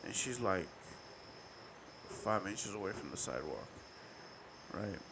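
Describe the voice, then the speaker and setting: A young man hosting a podcast, telling a story in a profane, rambling, animated way. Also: low voice, a little slow, a little hiss or hum, low-quality recording. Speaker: podcast host. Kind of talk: casual storytelling.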